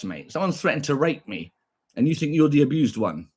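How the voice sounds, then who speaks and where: A man's voice: a little high, very animated, fairly quick, slightly rough. A young British man with a combative, profane manner, ranting back at viewers on a stream and repeating his points.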